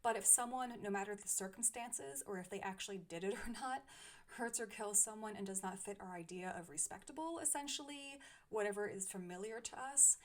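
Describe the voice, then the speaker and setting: A young woman reviewing books she has read, speaking thoughtfully with frequent small laughs. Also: mid-range voice. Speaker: book reviewer. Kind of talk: casual book review.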